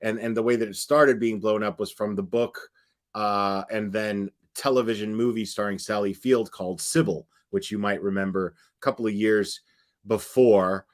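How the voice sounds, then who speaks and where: A man's voice: on the low side, fairly even intonation, moderate pace. A man doing casual live-stream commentary, talking bluntly and with scorn, full of fillers and restarts.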